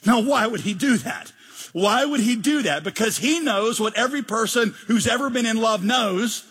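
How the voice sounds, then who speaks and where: A man's voice: very high-pitched, expressive, normal speed, fairly bright tone, slightly rough. A male pastor preaching a sermon with emphatic delivery, rhetorical questions and jokes.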